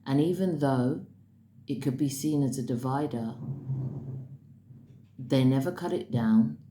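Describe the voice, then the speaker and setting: A woman with an exceptionally low, mellow voice tells the story of a dream in a casual, unscripted way, now and then pushing into emphatic bursts. The sound is roomy and echoey, with a faint hiss of noise underneath. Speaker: spiritual dream-message host.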